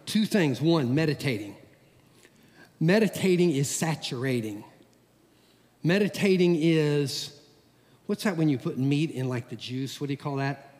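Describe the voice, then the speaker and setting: A middle-aged pastor preaching in a church sanctuary, his voice sitting a little high for a man. He talks in a folksy, animated way, swinging from lively to hushed, and the long reverb of the hall trails after his words. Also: measured pace, pauses often. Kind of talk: sermon.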